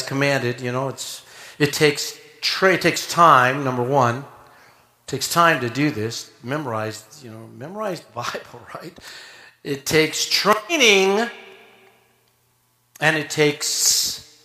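High, bright-voiced man preaching a sermon. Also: roomy sound. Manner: animated, folksy, swings between loud emphasis and hushed asides.

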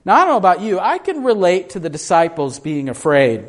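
A man's voice: sits high, sing-song, fairly quick, few pauses. A man preaching a sermon, putting questions to his congregation and acting out the voices in the story as he goes. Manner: asks the congregation questions, acts out quoted voices; shifts between hushed and raised delivery. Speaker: pastor.

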